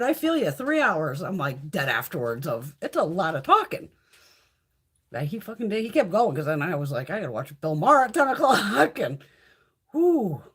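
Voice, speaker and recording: Husky middle-aged woman rambling on a live stream, swears a lot, voice swoops up and down. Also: fairly low pitch, fairly bright tone. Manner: chatty, swears freely, reads and answers viewer comments. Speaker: beauty channel host. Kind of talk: casual live-stream chat.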